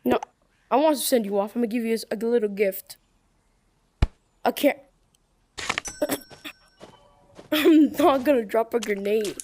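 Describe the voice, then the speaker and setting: A woman giving casual gameplay commentary with excitable, bossy trash talk. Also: fairly high pitch, a little slow, pauses often, a little hiss or hum. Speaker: gamer.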